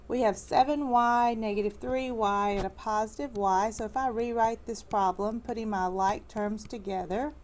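A woman math teacher giving a recorded lesson. She explains patiently and slows down to stress key words, with a light, corny humor aimed at her students. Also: medium pitch, a little mellow, slight background noise.

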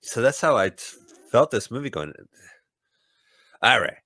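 A man's voice: mid-range voice, very animated, moderate pace, sharp tone, no room sound, studio quality. A man hosting a podcast, giving jokey, casual commentary over a movie. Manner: jokey, riffs on the film, playful bits of voices. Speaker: podcast host.

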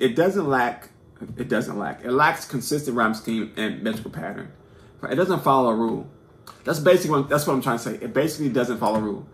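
A man with a gravelly, slightly rough voice teaches a casual poetry lesson. He talks informally, trips over his words and restarts often, checking in with his listeners. The sound bounces around an echoey room. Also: mid-range voice. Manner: halting, many repeated words and restarts, keeps asking "right?"; self-deprecating and informal. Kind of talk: casual unscripted video lesson.

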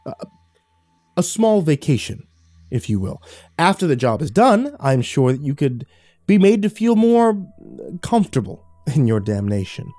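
A man voicing a mocking, unhinged fallen angel in a horror story, speaking softly and theatrically. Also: fairly high pitch, very animated, unhurried, no room sound, faint music behind, voice pushed up. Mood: smooth. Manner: soft, taunting, theatrical.

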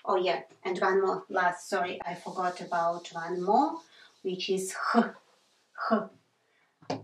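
Female teacher, slow and patient, roomy echo, mic set back. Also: lowish voice, flat delivery. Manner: patient, repeats sounds many times, apologizes for slips. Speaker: language teacher. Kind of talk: slow whiteboard lesson with repeated examples.

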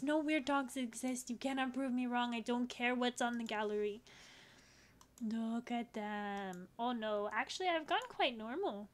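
Gushing high-voiced woman playing a game. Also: unhurried. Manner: gushing, squeals baby talk at virtual pets. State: voice strained from excitement. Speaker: gaming video creator. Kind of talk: excited game commentary.

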